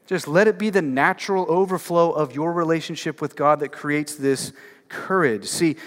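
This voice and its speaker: A man's voice: fairly high pitch, a bit bright. A man preaching a sermon in a church, casual and conversational, with lots of filler words and emphatic rhetorical questions to the congregation. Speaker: pastor. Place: church sanctuary. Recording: long hall reverb.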